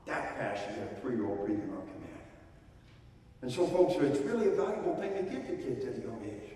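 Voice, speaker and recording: An older man giving a live seminar lecture, leading a slow counted breathing drill in a folksy, commanding way. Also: mid-range voice, sing-song, darkish tone, a little hiss or hum. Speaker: seminar speaker. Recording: echoey hall from far off.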